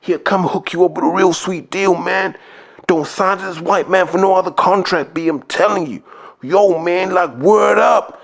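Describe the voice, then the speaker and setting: A man's voice: high voice, normal speed, creaky, voice pushed up. A man voicing a pushy male hanger-on from New York in a put-on New York street accent, wheedling and insistent, tacking "man" onto every line. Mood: hyped, persuasive. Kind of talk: comic impression in a podcast rant.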